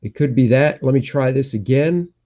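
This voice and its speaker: A man's voice: mid-range voice, moderate pace, a little mellow. A man, a cartoonist hosting a live stream, chatting casually and thinking aloud, rambling and muttering to himself as he goes. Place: indoor home room. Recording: dull lo-fi stream audio.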